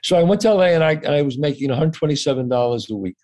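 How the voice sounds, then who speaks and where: A man tells a story from his own life in loose, lively conversation, his voice sitting a little high. He acts out the people he quotes and swears without a second thought. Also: very fast. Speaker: guest actor. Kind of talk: casual storytelling.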